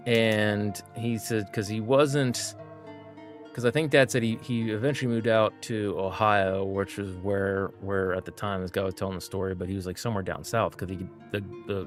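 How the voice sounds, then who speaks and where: A man with a somewhat low voice rambles through a story, stacking up fillers and "he goes" asides. He is a streamer chatting casually while he plays. Faint game music runs underneath. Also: fairly even intonation, moderate pace.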